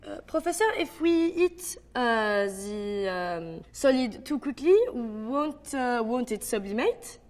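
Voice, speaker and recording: A woman's voice: high voice, expressive, unhurried, a little mellow, voice pushed up. A woman voicing a nervous young student with a French accent who hesitates and stumbles over her words.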